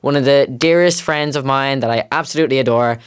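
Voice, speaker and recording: A young man in his early twenties from Ireland, hosting a podcast in a casual, chatty way with quick laughing asides. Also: mid-range voice, clear, resonant tone. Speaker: podcast host. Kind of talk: casual chat.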